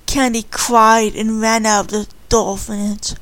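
A woman's voice: fairly high pitch, little pitch movement, a little slow, few pauses, a bit bright, dry recording, low-quality recording. A woman casually retelling a story in simple, earnest words.

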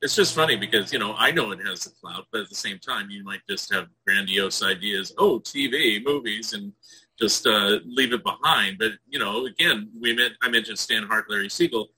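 A man's voice: fairly low pitch, moderate pace, pushed and bright, slightly rough, rough recording. A middle-aged man interviewing a guest, asking long, conversational questions with chuckles. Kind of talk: casual interview chat.

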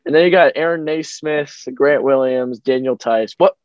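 A man co-hosting a casual sports podcast from a small home room, upbeat and joking with quick asides. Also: medium pitch, a little mellow, clean tone, no echo, dull audio. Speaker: podcast co-host.

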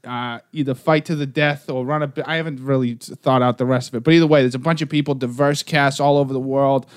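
A brash man swearing his way through a comedy debate, talking over the others as he pitches a story. His voice sits at an ordinary pitch and is recorded dry and close, with no room sound around it. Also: steady tone, fast talker, clean tone, no echo.

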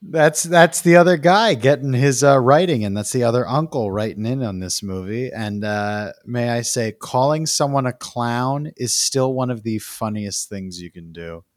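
A man who is a comedian guest on a movie podcast, animated, incredulous and joking. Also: mid-range voice, normal speed, hardly any pauses, dry recording, clean studio sound. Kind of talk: casual movie-review chat.

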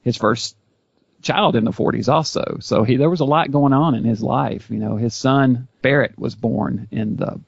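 Gravelly man, enthusiastic film buff. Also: mid-range voice, normal speed, no room sound, muffled recording. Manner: knowledgeable, enthusiastic, with restarts. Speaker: YouTube series host, guest. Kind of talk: casual podcast chat.

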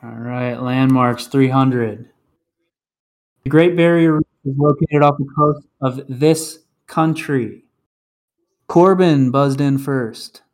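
A man's voice: mid-range voice, takes it slowly. Guy hosting trivia on a podcast, reads the clues, keeps score. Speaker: podcast host running a trivia game.

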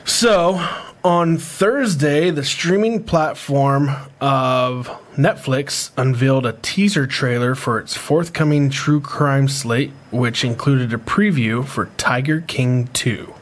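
A man co-hosting a casual podcast, reading current news items aloud in a steady, scripted way. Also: medium pitch, slow pace. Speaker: podcast co-host.

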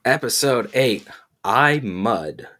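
A man's voice: mid-range voice, expressive, takes it slowly, pushed and bright. A man co-hosting a casual podcast, musing at length and leaning on "like" as he talks. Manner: rambling, frequent "like" fillers. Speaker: podcast co-host. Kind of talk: casual chat.

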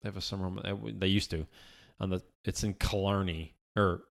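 Podcast host guy, lowish voice, rambly, restarts a lot, swears casually. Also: fairly even intonation, fairly quick, gravelly. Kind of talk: casual chat. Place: office.

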